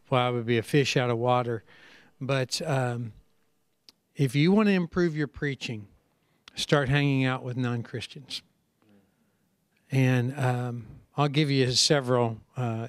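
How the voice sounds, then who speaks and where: A middle-aged man, a preacher speaking on a conference panel, telling stories in a lively way and acting out what other people say. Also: mid-range voice, no echo. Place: conference seminar session.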